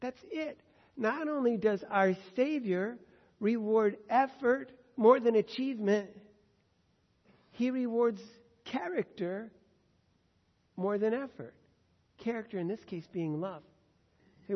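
A man preaching a sermon in an earnest way, swinging between loud emphasis and hushed tones. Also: sits high, measured pace. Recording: dull sound with long hall reverb.

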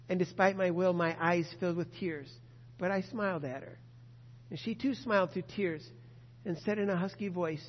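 Male preacher, high voice, earnest, drawn-out emphasis, muffled recording. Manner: earnest, slow and emphatic, stretching key words. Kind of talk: sermon with a read-aloud story. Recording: muffled sound in a reverberant hall.

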